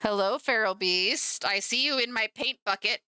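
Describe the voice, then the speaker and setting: A woman streamer chats playfully while she paints at home, her voice bright and crisp. The sound is close and dry, with no room around it. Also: mid-range voice, normal speed, dry recording. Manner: chatty and playful, teasing her cat. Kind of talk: casual live-stream chat.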